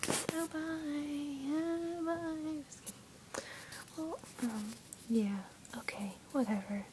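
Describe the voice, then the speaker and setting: A woman's voice: high voice, slow, a little mellow, slight background noise. A teenage girl whispering a rambling, goofy vlog from her bedroom on a webcam. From USA. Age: teens. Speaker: vlogger.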